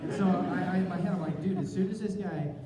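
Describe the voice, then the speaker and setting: A man's voice: high voice, fast. A man spins a self-mocking comic story on a convention stage, acting out his own thoughts. His voice comes from a distance and rings through a big hall with a long tail. The audience murmurs and laughs around him. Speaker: convention panel guest. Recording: roomy hall from far off, crowd noise.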